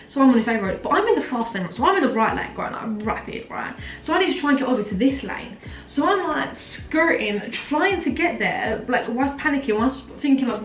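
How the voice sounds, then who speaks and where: A woman's voice: high voice, animated, normal speed. Dramatic young woman, echoey room. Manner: dramatic, breathless retelling full of "like" fillers. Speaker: vlogger. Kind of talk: storytime chat. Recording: echoey room, mic at a distance, faint music.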